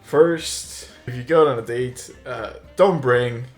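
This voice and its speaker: A young man in a casual storytime vlog, rambling through his tale with plenty of filler words and the odd chuckle. His voice sits at an ordinary middle pitch, with soft music running faintly underneath. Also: slow pace. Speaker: vlogger.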